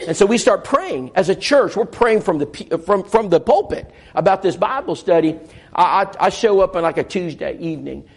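A preacher with a notably high-pitched voice tells a sermon story. He is animated and acts out each voice in the dialogue. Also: moderate pace, breathy edge.

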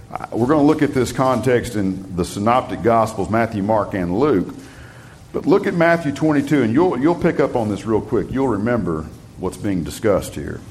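Lively-voiced male preacher reading scripture. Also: mid-range voice. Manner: reads scripture slowly and emphatically, talks plainly between readings.

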